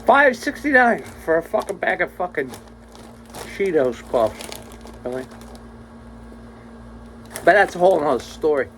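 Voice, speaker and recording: A man's voice: a little high, animated, a little slow, long pauses, a bit bright, a little hiss or hum, poor audio. A man vlogging a rambling, exasperated, profanity-heavy rant to his viewers. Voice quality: crude, swears constantly, exasperated.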